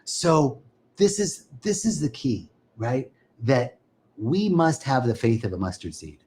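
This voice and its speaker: A man's voice: medium pitch, very animated, a little slow, darkish tone. A man hosting a spiritual live stream, talking casually and enthusiastically to viewers and greeting them by name.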